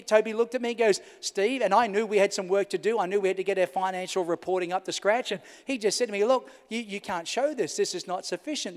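An Australian pastor, partway through a sermon, tells a story with a storyteller's shifts from loud outbursts down to near-whispers. His voice is fairly high for a man, and it fills a large hall that leaves a long, trailing reverb.

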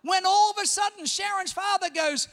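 Australian man, middle-aged pastor, very high voice, bright and sharp tone, animated sermon storytelling, long hall reverb. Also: moderate pace. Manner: animated storytelling, rising to shouts. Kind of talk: sermon with personal stories.

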